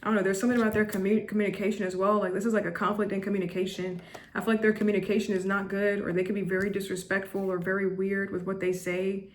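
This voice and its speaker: A woman's voice: mid-range voice, little pitch movement, fast, a little hiss or hum. Chatty, blunt woman tarot reader. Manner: chatty, repetitive, with frequent restarts and "like"; blunt and judgmental. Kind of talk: casual tarot reading to camera.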